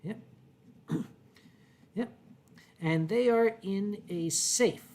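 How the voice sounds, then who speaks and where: A man with a Philadelphia accent hosting a casual livestream from home, reading viewer comments in a dry, wry way and often clearing his throat. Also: high-pitched, extremely slow, darkish tone. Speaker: livestream host. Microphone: desk microphone.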